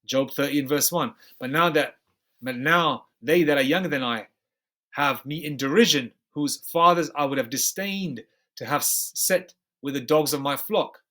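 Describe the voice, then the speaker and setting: A man preaching over scripture with a somewhat high voice. He reads verses slowly, then drops into emphatic, slang-laced commentary and keeps checking in with "okay?" as he hammers his points home. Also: pushed and bright. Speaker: bible teacher. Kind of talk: scripture study sermon.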